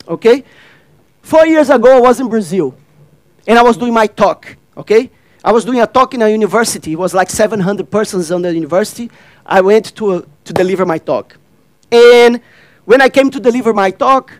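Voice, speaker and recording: Man giving a workshop talk, very high voice, dry close sound, asks the crowd questions. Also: dry recording, low-quality recording. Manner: addresses and questions the audience, acts out dialogue; non-native grammar, repeats phrases. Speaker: workshop speaker. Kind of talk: interactive stage talk.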